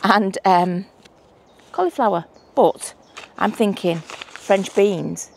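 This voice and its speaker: A woman's voice: mid-range voice, slow, gravelly. A woman with a Northern English accent chatting to camera as she works on her windy allotment, thinking aloud and laughing at herself. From England. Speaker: allotment vlogger. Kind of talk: casual chat to camera while working. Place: windy outdoor allotment garden.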